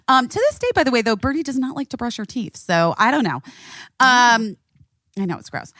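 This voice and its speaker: Animated woman host telling a story. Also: on the high side, a little fast, no echo, clean studio sound. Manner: animated, swearing, acts out quotes. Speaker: podcast host. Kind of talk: casual storytelling chat.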